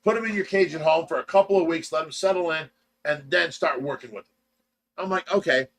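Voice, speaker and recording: Midwestern American male host, high and bright, tells stories loudly and animatedly on a casual livestream. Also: brisk. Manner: animated, shouts and mimics in the telling. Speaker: show host telling a story.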